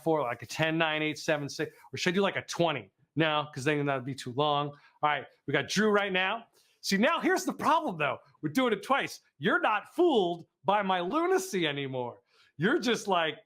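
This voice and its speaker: A man's voice: a little high, very animated, moderate pace, a bit bright. A man from the Midwest hosting a live fundraising telethon, calling donation auctions in a playful, goofy way and teasing the audience.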